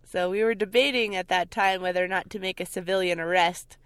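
A young woman from New Jersey in her twenties, co-hosting a casual podcast outdoors and telling a story with animated, loud bursts. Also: fairly low pitch, brisk, clean tone, no echo. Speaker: co-host. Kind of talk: casual chat. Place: outdoors by a canyon overlook.

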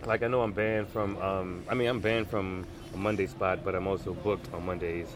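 A man, a stand-up comedian chatting casually, relaxed and rambling. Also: deep voice, moderate pace. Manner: relaxed, rambling, lots of fillers. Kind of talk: casual chat. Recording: loud traffic noise outdoors.

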